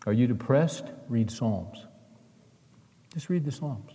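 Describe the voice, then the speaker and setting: Middle-aged male pastor, earnest sermon storyteller, mellow tone, echoing church hall. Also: mid-range voice, animated, slow pace, long pauses. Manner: storytelling with acted-out dialogue, earnest. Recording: long hall reverb.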